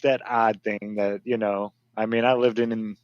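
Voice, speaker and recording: A man's voice: lowish voice, little pitch movement, moderate pace, no echo. Man in his 40s, from northern Indiana, laid-back, easy laugh, dull dry recording. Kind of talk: casual chat.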